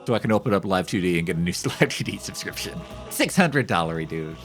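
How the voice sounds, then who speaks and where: A man's voice: deep voice, animated, fast talker, fairly bright tone, faint music behind. A male streamer giving casual, joking commentary while playing a game, rambling and reading game text aloud. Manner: repeats phrases in shifting voices.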